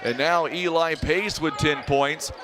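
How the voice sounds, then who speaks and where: Southern guy calling hoops on the radio, kinda high voice, folksy chatter, faint gym noise behind. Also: a little slow. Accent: Southern American. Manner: chatty, folksy, reads sponsors and weather between plays. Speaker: play-by-play announcer. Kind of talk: radio sports commentary.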